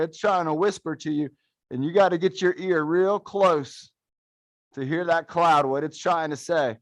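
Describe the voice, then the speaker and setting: A young man with a fairly high voice leads a fitness class, counting out reps and encouraging his students in an upbeat, playful way. The sound is dry and close, with no room echo. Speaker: fitness coach. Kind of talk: live adaptive fitness class instruction. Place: fitness studio.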